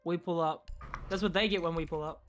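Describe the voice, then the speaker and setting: A man's voice: a little high, steady tone, brisk, fairly bright tone, soft background music. A man in casual gaming chat with friends, goofy and teasing, breaking into silly sing-song. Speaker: gamer.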